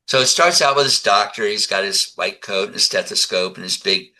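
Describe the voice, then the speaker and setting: An older man in his seventies talks as a guest in a relaxed interview. His voice is low and strikingly forceful, with a sharp edge. He tells stories with animation and acts out the dialogue. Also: fairly quick, rough recording. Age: 70s. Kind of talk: conversational interview.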